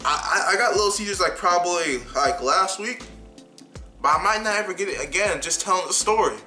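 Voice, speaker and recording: A young man vlogger telling a heated, animated story about being fired, often repeating himself. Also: sits high, fairly quick, soft background music. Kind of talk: casual storytime rant.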